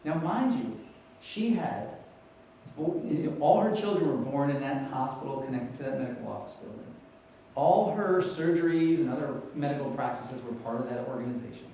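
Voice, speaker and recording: Animated male keynote speaker in an echoey hall. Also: mid-range voice, moderate pace, a little hiss or hum. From New York. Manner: animated storyteller, asks the audience questions. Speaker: conference speaker. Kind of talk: storytelling keynote talk. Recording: echoey hall, mic heard from a distance.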